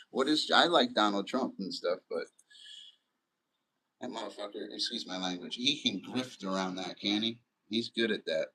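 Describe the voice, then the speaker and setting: A middle-aged man streams live and talks in a loose, rambling way, full of swearing. His voice sits low. He drifts from story to story as he answers his chat. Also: moderate pace, sharp tone, husky, poor audio. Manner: loose, profane, rambling and chatty.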